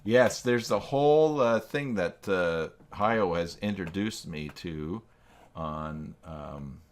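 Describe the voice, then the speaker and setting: A man with a notably low, deep voice hosts a casual live stream. He thinks aloud as he works and reads his chat, and he pokes fun at himself along the way. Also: takes it slowly, a little hiss or hum. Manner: thinks aloud, reacts to chat, self-deprecating.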